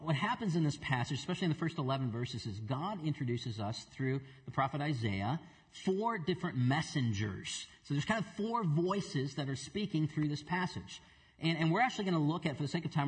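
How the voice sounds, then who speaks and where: A man's voice: on the high side, long reverb tail. A middle-aged man preaching as a pastor, earnest, repeating words for emphasis and putting questions to the congregation. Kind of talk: sermon with opening prayer. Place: church sanctuary.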